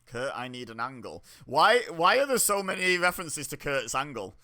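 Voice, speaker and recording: A man's voice: a little high, big pitch swings, moderate pace, pushed and bright. A young man giving casual, chatty commentary while watching a wrestling show, reacting aloud with laughs and exclamations. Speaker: wrestling watch-along host.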